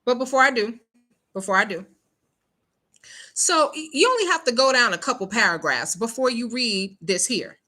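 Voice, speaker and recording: A woman's voice: fairly high pitch, lively intonation, moderate pace, bright, forceful tone. A woman hosting a casual news commentary show, talking emphatically and checking in with "okay?" after her points. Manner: emphatic, rhetorical questions, frequent "okay?" check-ins. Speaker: show host.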